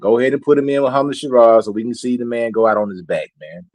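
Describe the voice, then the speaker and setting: A man's voice: medium pitch, quick pace, a little mellow, dry recording. Outspoken male debater, mid voice, dry, keeps saying "man". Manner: blunt, repeats "man", strong opinions. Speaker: panelist. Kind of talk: heated sports debate.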